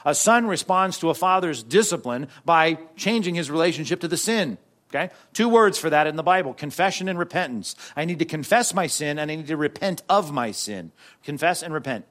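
A man preaching a sermon in a conversational way, with frequent asides to the congregation and sudden shifts from loud to soft. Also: on the high side, lively intonation, a little fast. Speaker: pastor.

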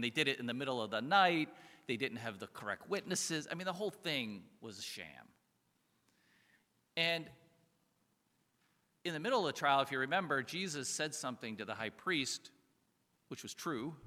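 Bright-voiced man preaching in a hall. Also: mid-range voice. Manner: conversational, chuckles often, rhetorical questions. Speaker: pastor. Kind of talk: sermon. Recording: reverberant hall.

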